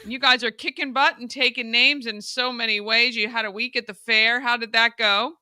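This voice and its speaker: A woman's voice: a little high, steady tone, normal speed, pushed and bright, smooth, no echo. A woman hosting a live morning show, chatting in an effusive, bubbly way. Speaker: host.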